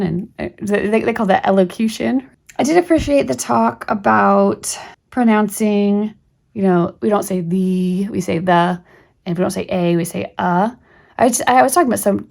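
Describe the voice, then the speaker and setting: Gravelly-voiced woman homeschool host, rambling. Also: mid-range voice, darkish tone. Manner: rambling, with frequent fillers and restarts. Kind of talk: casual talk-through of a reading primer.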